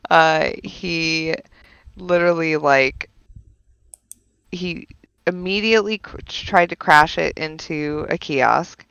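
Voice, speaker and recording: A woman, a streamer and mother, chatting casually with friends during a game stream, telling animated stories with frequent laughter and swearing. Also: sits low, slow, creaky, clear, resonant tone, no echo, highs cut off.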